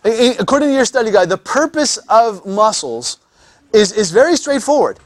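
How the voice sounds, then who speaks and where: A man's voice: high voice, big pitch swings, moderate pace, no echo. A man teaching anatomy in a classroom lecture, joking with students and often repeating words as he restarts.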